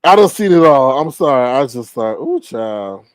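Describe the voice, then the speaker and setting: A man's voice: a little high, animated, a little fast, dry recording. A man hosting a reaction commentary, blunt and exasperated, with laughing asides. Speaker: commentary channel host.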